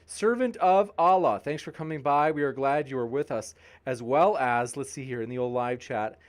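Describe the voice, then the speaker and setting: A man hosting a debate channel, reading live chat shoutouts with jokey, playful banter and growing tired. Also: medium pitch, normal speed. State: tiring, sipping water.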